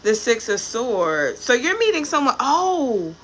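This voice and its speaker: A woman's voice: fairly high pitch, sing-song, unhurried, fairly bright tone, a little hiss or hum. A woman giving a casual tarot reading to camera, blunt and profane, with chatty asides about people she has met. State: pregnant. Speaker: tarot reader.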